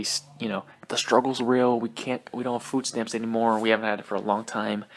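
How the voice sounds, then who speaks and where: A young man hosts his own podcast alone, rambling loosely from one thing to the next. He swears freely, laughs often and rushes his words. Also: fairly low pitch. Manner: profane, rambling, laughs often, talks fast. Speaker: podcast host. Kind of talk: casual solo podcast rant.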